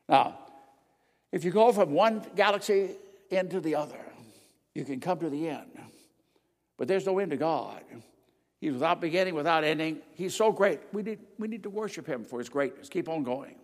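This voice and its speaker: Older male preacher, raised pitch, emphatic sermon delivery with quiet asides, long hall reverb. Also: expressive, normal speed. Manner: emphatic, swings between loud declarations and quiet asides. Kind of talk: sermon with slides.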